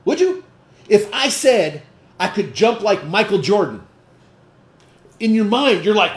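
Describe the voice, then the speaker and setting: A man running a training session for distributors, his voice a bit higher than most men's. He talks emphatically, fires rhetorical questions at the room and keeps checking in with "okay?". The sound is echoey, as in a roomy space. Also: big pitch swings, measured pace, long pauses. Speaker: sales trainer.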